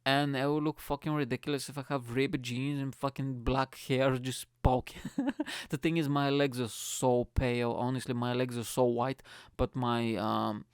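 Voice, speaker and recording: Excitable, foul-mouthed podcast host. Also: male voice, mid-range voice, clear, resonant tone, dry recording. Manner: excitable and profane, laughs at his own jokes. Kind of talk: casual solo podcast monologue. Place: attic room at home.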